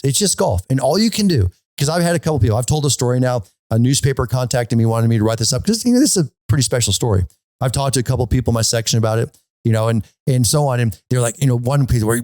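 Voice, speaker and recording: A man's voice: medium pitch, no echo. Chatty male golf podcast host. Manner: animated, repeats himself, often asks "okay?". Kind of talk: casual storytelling monologue.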